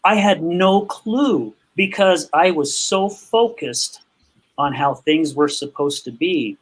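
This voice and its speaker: A man's voice: expressive, slow pace, slightly rough. A man as a podcast guest, candidly telling a personal story about his past anger and acting out the dialogue with growing emotion. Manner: emotional, acts out quotes with rising pitch.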